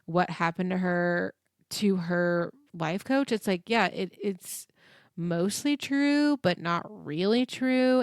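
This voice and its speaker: A woman's voice: lowish voice, dry recording, clean studio sound. A woman hosting a podcast, chatting casually as she recaps a TV episode, full of "like" and acted-out quotes. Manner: chatty, filler-heavy, acts out quotes. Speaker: podcast host.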